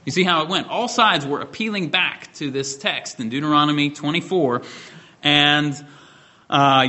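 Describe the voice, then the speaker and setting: Bright-voiced male preacher. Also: fairly high pitch. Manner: measured, explanatory, with occasional fillers and restarts. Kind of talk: expository sermon.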